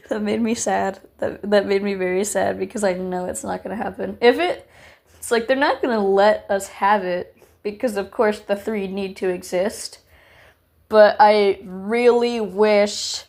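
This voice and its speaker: A woman's voice: mid-range voice, fairly even intonation, normal speed, gravelly, darkish tone. A woman giving a casual fan review, rambling with many fillers and swinging into mock despair. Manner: dramatic, gushing, mock-despairing. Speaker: book reviewer.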